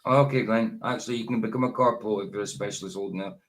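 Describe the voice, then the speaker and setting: A man hosting a casual talk stream, relaxed and agreeable, with many short replies. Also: fairly low pitch, rapid-fire. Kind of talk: casual chat.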